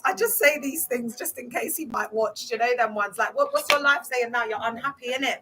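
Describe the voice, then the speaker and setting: A woman's voice: a little high, brisk, hardly any pauses, pushed and bright, breathy edge, faint music behind, rough recording. A young woman who talks in a sassy, slangy way and often laughs, chatting casually on a livestream about cults. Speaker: vlogger discussing cults.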